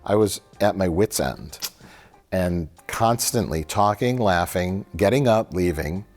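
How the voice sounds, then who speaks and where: A man's voice: low-pitched, lively intonation, unhurried, darkish tone. A man co-hosting a film review show, telling a long annoyed story in casual chat, acting out quotes and swearing freely.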